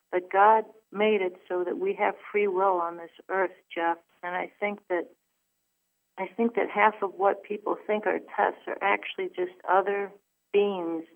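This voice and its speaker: Woman guest, low-ish voice, earnest and halting, heard over a narrow phone line. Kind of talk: personal storytelling.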